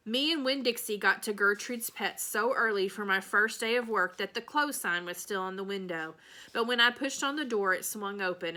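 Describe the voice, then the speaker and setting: A woman reads a children's novel aloud in a bright, clear voice. Her pace is steady and storybook-like, and she voices the characters only lightly. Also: mid-range voice. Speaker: reader.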